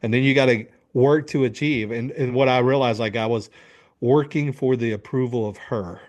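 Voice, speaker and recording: Animated storytelling man, swearing freely. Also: medium pitch, moderate pace. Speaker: guest, men's coach. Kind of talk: storytelling in an interview.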